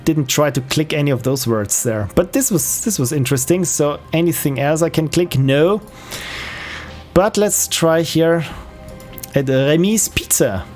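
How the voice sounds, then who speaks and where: A man's voice: a little high, animated, measured pace, darkish tone, soft background music. A man streaming games, casually thinking aloud with fillers while he plays. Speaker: game streamer. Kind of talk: casual live-stream commentary.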